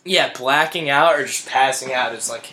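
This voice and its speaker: A man's voice: mid-range voice, normal speed, bright, forceful tone, reverberant. A young man co-hosting a podcast, telling rambling stories with lots of swearing and laughter. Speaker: podcast co-host. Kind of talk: casual chat.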